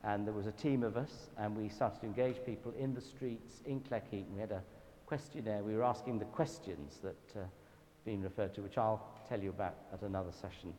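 A man with a Southern English accent giving a church talk, telling anecdotes in a lively, self-deprecating way. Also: on the low side, a little fast, hardly any pauses. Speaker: guest speaker at a church event. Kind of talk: storytelling sermon talk. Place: church hall. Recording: reverberant hall with faint background noise.

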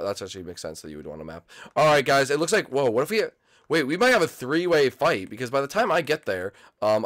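An excitable young man narrates his own gameplay for his channel, jumping between shouted surprise and quick chatter with the viewers and other players. His pitch sits in the middle range for a man, and keyboard typing clicks away behind him. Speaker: gaming channel host. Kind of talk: casual gameplay commentary.

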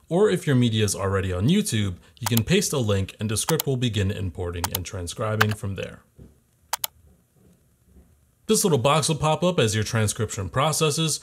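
A young man hosting a scripted software tutorial in a playful, jokey way. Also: mid-range voice, a little hiss or hum. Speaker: tutorial host.

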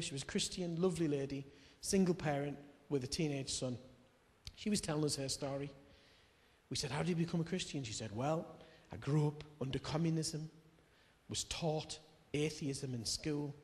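An English man preaching a sermon in a church, telling stories with acted quotes and swinging between loud and hushed. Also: on the high side. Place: church hall. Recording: long hall reverb.

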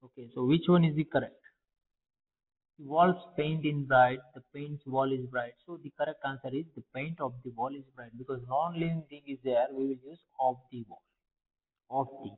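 A man's voice: mid-range voice, steady tone, normal speed. A man with an Indian English accent, a teacher going through test answers for pupils and asking and answering his own questions. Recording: phone-like, long reverb.

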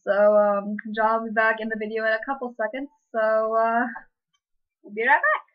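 A woman's voice: on the high side, level tone, moderate pace, narrow, tinny audio. A woman vlogger chatting casually and giggling often as she reads an online chat aloud. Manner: giggly, lots of fillers and laughs.

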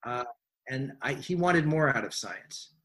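A man's voice: mid-range voice, lively intonation, measured pace, a bit bright. A man, a science writer, answering interview questions in a thoughtful, rambling way with frequent restarts.

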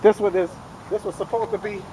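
Over a noisy crowd, a woman with a mid-range voice and fairly even intonation talks fairly quickly into her handheld camera outdoors. She strains at exercise equipment, groaning, stammering, repeating words, pleading for help, and laughing at herself.

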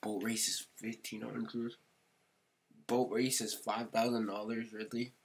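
Deep-voiced man doing casual game commentary. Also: flat delivery, unhurried, breathy edge. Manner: slangy, talks to himself, often drops to a mutter or whisper. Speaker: gaming video creator.

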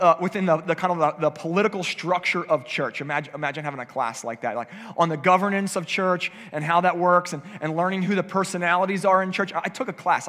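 A man's voice: fairly high pitch, fairly bright tone, long reverb tail. A male pastor preaching a conversational sermon, acting out what people might say. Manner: conversational preaching, acts out quoted voices. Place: church sanctuary.

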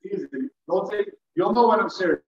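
Male teacher, classroom lecture, high voice, far off in an echoey room. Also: fast talker, lo-fi sound. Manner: animated, playful demonstrations to students. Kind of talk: classroom lecture on public speaking.

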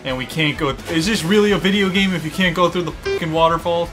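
A young man giving excitable, profane let's-play commentary, talking to the game and its creatures as he plays. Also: on the high side, fairly quick, few pauses, over music. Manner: excitable, swearing, talks to the game. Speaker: gaming YouTuber.

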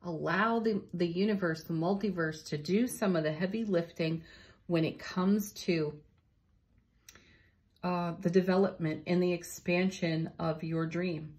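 Woman doing a card reading, kinda low voice, soft and encouraging. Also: fairly even intonation, a little slow. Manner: gentle, encouraging, laughs softly between cards. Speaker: tarot card reader.

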